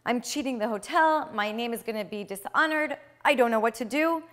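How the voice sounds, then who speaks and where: A woman's voice: on the high side, a little fast, a bit bright, lightly acted. A woman voicing a worried, devout male pharmacist in debt, pleading anxiously within a spoken tale.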